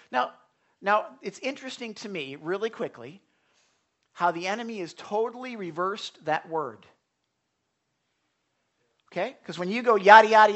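Pastor, male, expressive sermon delivery, drops to near-whispers, questions the room, repeats words. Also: sits high. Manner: expressive, swings from loud emphasis to hushed near-whisper; asks the congregation questions, repeats and restarts words.

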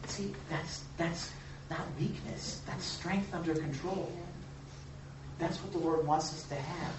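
A man pastor delivers a lively, conversational sermon. He is heard from a distance in an echoey room with faint ambience behind him. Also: a little high, measured pace, background noise. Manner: animated, acts out quoted voices, chuckles. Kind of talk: sermon with congregation. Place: church or meeting room.

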